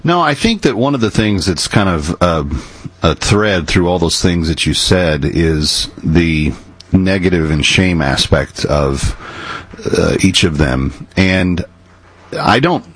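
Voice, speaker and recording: Man, very low pitch, husky, halting, casual talk co-host. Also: animated. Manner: halting, restarts words while thinking. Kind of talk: casual discussion.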